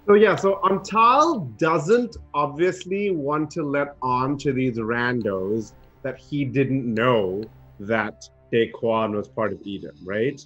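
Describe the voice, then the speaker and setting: A man playing a tabletop game, talking in halting, wry bursts. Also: medium pitch, fairly bright tone, highs cut off, faint music behind. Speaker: player. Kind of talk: in-character tabletop chat.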